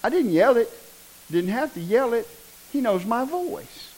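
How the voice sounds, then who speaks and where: A middle-aged man preaching a sermon, joking and building to loud bursts. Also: very high-pitched, a little slow, poor audio. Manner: animated, joking, preaching with rising bursts and laughter.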